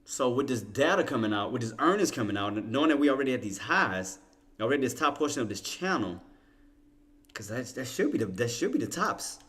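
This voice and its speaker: Bright-voiced man teasing his chat. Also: medium pitch, animated, a little fast. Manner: laughing, teasing banter with viewers; loose casual slang. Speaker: stock trading livestream host. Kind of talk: casual livestream commentary to chat.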